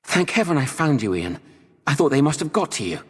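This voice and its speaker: A man's voice: a little high, very animated, moderate pace, slightly rough, big-room sound, voice pushed up. A man voicing a brave, desperate young woman who speaks urgently and pleadingly, in a raised voice.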